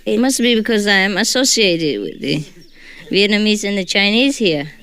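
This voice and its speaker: A woman's voice: mid-range voice, expressive, moderate pace, fairly bright tone. A woman who is not a native English speaker gives an informal, joking talk to her followers as a spiritual teacher. She often tags her sentences with a questioning "huh?".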